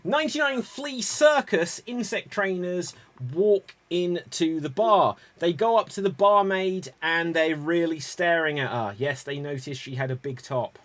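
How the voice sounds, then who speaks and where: A man hosts an improv pun game, calling on each player by name. He talks slowly and sits a little high in his range. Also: a bit bright. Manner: pun-telling, calls on players. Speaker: improv host.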